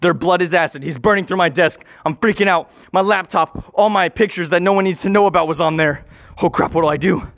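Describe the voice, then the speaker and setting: A man improvising an absurd story in a rambling, excitable way, swearing and acting out the scenes. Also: high voice, brisk, slight background noise.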